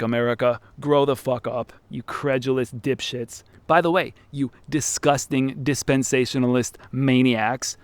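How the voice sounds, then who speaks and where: Male vlogger, mid pitch, crisp clean tone, contemptuous profane rant. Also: dry recording. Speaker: political commentator. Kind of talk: ranting online commentary.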